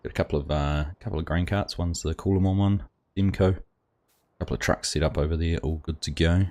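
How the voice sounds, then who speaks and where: This livestream host speaks in a low-pitched, a little mellow voice, fairly even in intonation and a little fast. He keeps up casual chat as he plays a game, welcoming viewers by name.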